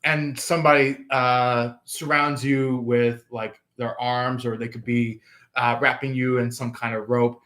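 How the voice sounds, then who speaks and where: A man's voice: medium pitch, little pitch movement, a little slow, a bit bright. A man giving a casual tarot reading, rambling with many fillers and restarts. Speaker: tarot reader.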